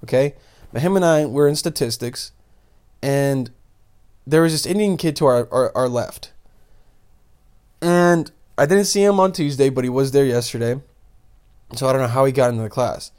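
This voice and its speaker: A man's voice: mid-range voice, normal speed, pauses often, a little mellow, clean tone. A young man hosting a podcast solo, telling crude, rambling stories full of swearing and jokes. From Bosnia. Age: young adult. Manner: rambling, profane, jokey storytelling. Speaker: podcast host. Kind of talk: crude casual monologue.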